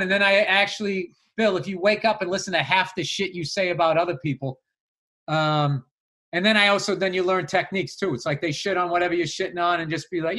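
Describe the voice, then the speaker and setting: A man co-hosting a podcast, telling stories in a loose, animated way, swearing freely and laughing often. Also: high voice, brisk. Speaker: podcast co-host. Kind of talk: casual chat.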